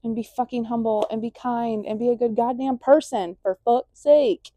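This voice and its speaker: A woman's voice: on the high side, steady tone, fairly quick, mellow, no echo. A young woman vlogger delivering a blunt, emphatic casual rant, full of swearing.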